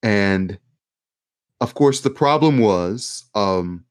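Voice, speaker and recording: A man's voice: fairly low pitch, animated, drawn-out words, clean tone. A man co-hosting a podcast, chatting casually and sarcastically about politics, swearing freely. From United States. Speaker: podcast co-host.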